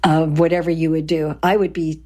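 A woman's voice: low-pitched, little pitch movement, brisk, warm tone. A woman co-hosting a history podcast, chatty, with fillers and personal asides. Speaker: podcast co-host. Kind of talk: conversational history storytelling.

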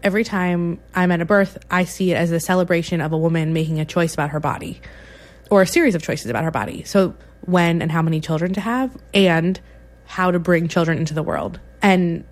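A woman's voice: fairly low pitch, a little fast. A woman who works as a birth photographer, speaking earnestly and conversationally in a radio interview.

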